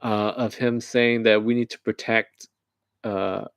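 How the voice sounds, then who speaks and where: A man's voice: fairly low pitch, level tone, measured pace, creaky, smooth, no room sound, lo-fi sound. A man from the United States giving rambling, joking current-events commentary on a livestream, often laughing at his own jokes.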